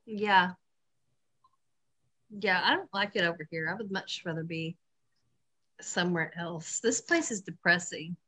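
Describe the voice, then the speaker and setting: A young woman co-hosting a podcast, talking casually in a weary, halting way. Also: fairly low pitch, bright, forceful tone. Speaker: podcast co-host. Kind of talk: casual chat.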